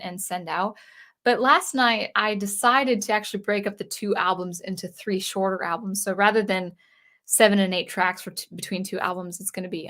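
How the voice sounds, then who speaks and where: A woman's voice: medium pitch, bright, forceful tone. A woman hosting a casual livestream for a music channel, reading viewer comments and rambling with frequent restarts.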